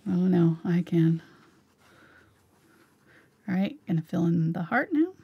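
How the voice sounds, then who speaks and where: A woman in her forties teaching a live painting tutorial, chatting softly and casually as she paints in her studio. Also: on the low side, measured pace, gravelly, slightly rough, muffled recording. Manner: relaxed, chatty, talks softly while painting. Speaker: painting instructor.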